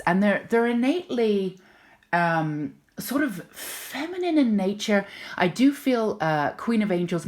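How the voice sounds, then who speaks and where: A woman giving a spoken tarot reading to her viewers, gentle and reassuring, often repeating words for emphasis. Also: lowish voice. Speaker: tarot reader and intuitive healer.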